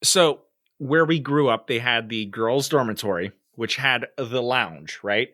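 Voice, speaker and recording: A young adult man co-hosting a podcast, telling stories in a casual, animated way and acting out the voices in them. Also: medium pitch, measured pace, no room sound, studio quality. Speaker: podcast co-host. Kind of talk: casual storytelling chat.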